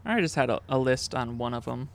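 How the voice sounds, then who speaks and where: A man's voice: mid-range voice, a little fast, creaky. A man co-hosting a podcast, joking around in casual chat and laughing often. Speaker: podcast co-host.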